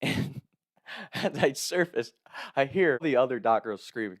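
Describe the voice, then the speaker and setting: A young man in his twenties casually telling a funny story to camera, animated, laughing and swearing often. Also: mid-range voice, a little slow. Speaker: content creator telling a story.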